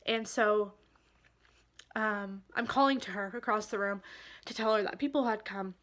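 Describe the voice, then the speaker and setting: A woman vlogger telling a personal story in a candid, halting and emotional way. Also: mid-range voice, a bit bright.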